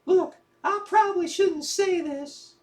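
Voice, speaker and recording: A woman's voice: very high voice, slow pace, a little mellow. A woman playing a blunt, teasing friend. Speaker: friend in an audio drama. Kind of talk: audio drama acting.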